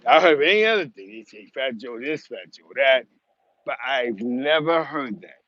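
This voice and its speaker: Hosting his show, a man from the Bronx, New York, runs through a rambling, emphatic commentary monologue in a casual style, restarting often. His mid-range voice sounds animated and fairly bright at a moderate pace, captured in a dry, muffled recording.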